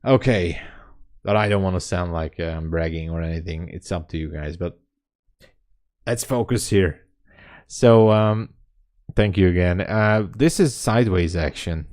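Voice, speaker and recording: A man with a Hungarian accent hosts a day trading livestream from home, chatting casually and often laughing as he responds to viewers. He speaks a little slowly in a low-pitched, slightly mellow voice.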